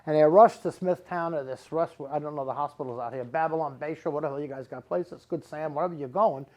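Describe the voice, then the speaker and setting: A middle-aged man works a live audience as a psychic medium. His voice sits a little high, and he talks in rambling, emphatic runs, repeating words again and again to drive a point home. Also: fast, a little mellow. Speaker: psychic medium giving readings.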